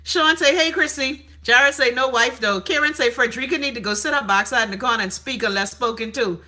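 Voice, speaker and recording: A brash, gossipy woman hosts a live stream and reads out viewer comments in a casual, profane chat. Her voice sits fairly high and sounds bright and sharp, and it jumps up dramatically when she reacts. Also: brisk.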